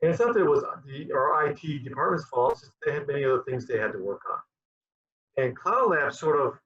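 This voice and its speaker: A man's voice: fairly high pitch, lively intonation, brisk, fairly bright tone, breathy edge. A man being interviewed as a guest who rambles and often repeats his words. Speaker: guest, QA director. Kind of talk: conversational interview. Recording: dull lo-fi sound.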